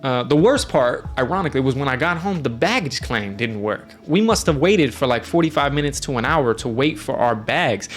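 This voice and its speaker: A man's voice: mid-range voice, animated, moderate pace, hardly any pauses, faint music behind. A man from the United States chatting casually, telling travel stories in a friendly, rambling way with plenty of fillers. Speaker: streamer host. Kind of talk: casual storytelling. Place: indoors, lives in Norway.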